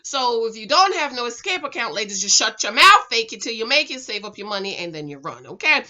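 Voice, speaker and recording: A woman's voice: a little high, brisk, lo-fi sound. A middle-aged woman giving a casual, chatty show review from her home, talking straight to her female viewers and checking in with "okay?". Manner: animated, talks straight to viewers as "girl" and "ladies", keeps checking with "okay?". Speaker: vlogger reviewing a reality show.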